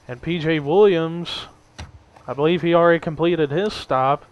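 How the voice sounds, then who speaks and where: A young man giving amateur play-by-play commentary on a simulated race, steady and given to hedging. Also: on the high side, moderate pace, lo-fi sound. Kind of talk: amateur sim-racing commentary.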